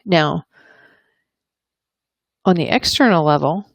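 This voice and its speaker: A woman and parenting coach talking calmly and earnestly to camera, explaining ideas and acting out example dialogues. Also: sits low, slow, vocal fry, dry recording. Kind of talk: advice talk to camera.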